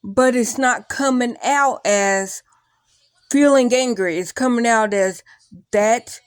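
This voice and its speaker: A young adult woman talking through her feelings in a rambling, animated vlog, full of likes and restarts. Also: a little high, takes it slowly, smooth, no echo. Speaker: vlogger. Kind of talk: casual confessional talk to camera.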